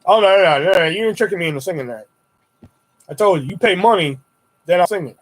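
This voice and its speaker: A young man with a high, light voice hosts a casual livestream, chatting to viewers through a desktop mic. He rambles and swears freely, and his voice leaps up whenever he acts out what he said in a story. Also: quick pace, low-quality recording. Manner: animated retelling with high-pitched quoted exclamations. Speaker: livestream host. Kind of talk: casual live-stream chat.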